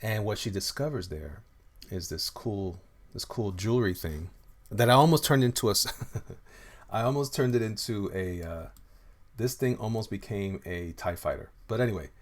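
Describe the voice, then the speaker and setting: A man with a fairly low voice talks loosely through his illustrations on a live stream. He rambles and restarts often in an easy, friendly way, stopping to read out comments from viewers. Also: normal speed. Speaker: comic artist streaming live. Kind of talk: casual livestream chat reading viewer comments.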